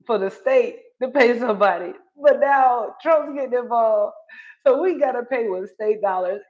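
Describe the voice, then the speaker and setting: A North Carolina woman hosts a livestream, chatting casually about her opinions, answering viewer comments and laughing often. Her voice sits on the high side with a darkish tone. The stream audio is dull and lo-fi.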